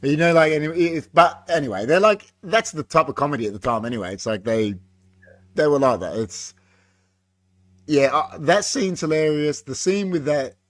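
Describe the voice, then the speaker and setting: Male co-host, lively and swearing freely, tight dry mic sound. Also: a little high, moderate pace, no room sound. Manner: animated, profane, acts out movie quotes. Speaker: co-host of a movie review show. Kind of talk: casual chat.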